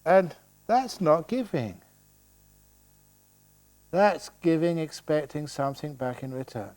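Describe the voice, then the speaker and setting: A man's voice: a little high, animated, slow pace, a little mellow. Playful older man giving a dharma talk. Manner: playful, joking, laughing often. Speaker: meditation teacher.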